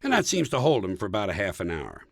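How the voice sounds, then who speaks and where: A man's voice: lowish voice, wildly swooping pitch, fast talker, vocal fry, no echo, clean studio sound. A man from the United States reading his own comic book aloud in a sardonic, mocking, punchy way.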